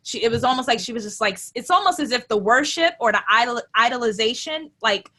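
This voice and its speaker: A woman hosting a relaxed spiritual talk, reading her notes aloud in a reflective way with many fillers. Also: fairly high pitch, quick pace. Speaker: host.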